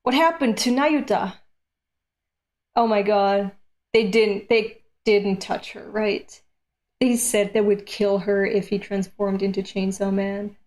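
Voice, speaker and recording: A woman from Europe streaming a manga read-along, reacting aloud with animated, profane rants. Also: medium pitch, slow. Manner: animated, swears freely, rants at the page.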